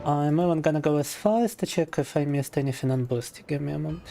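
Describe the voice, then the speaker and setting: A man's voice: on the high side, quick pace, vocal fry, dark tone, slight background noise. A man streaming live who is ill and worn out, chatting in a weary, sardonic way with crude jokes. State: ill and tired. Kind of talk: casual livestream chat. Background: music.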